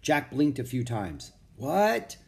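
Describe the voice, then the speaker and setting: Expressive man reading a storybook aloud. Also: medium pitch, normal speed. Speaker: audiobook narrator.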